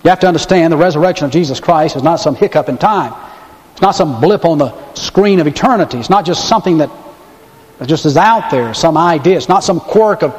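A pastor preaching a sermon, telling the story dramatically and slowing down and pausing to stress points. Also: male voice, a little high, lively intonation. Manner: dramatic storytelling, pauses and slows for emphasis. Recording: long hall reverb.

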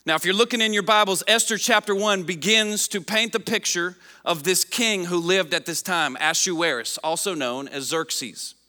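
A man preaching a sermon, reading scripture aloud and repeating key lines for emphasis, his voice dropping low at the ends of phrases. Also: normal speed, hardly any pauses, sharp tone, big-room sound. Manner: reads scripture aloud to the congregation. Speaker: pastor.

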